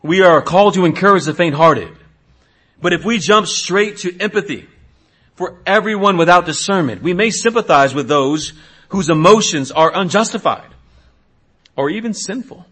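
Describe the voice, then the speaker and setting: A man's voice: high-pitched, moderate pace, fairly bright tone, slightly rough. A middle-aged man, a pastor, preaching a sermon in an earnest way, asking questions and sometimes restarting.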